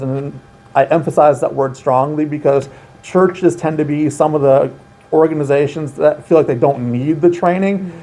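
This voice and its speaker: Earnest guy talking child safety training, mellow warm voice, leans on key words. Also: on the high side, normal speed. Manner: earnest, emphatic, explanatory. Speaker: outreach coordinator at a children's center. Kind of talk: informational interview.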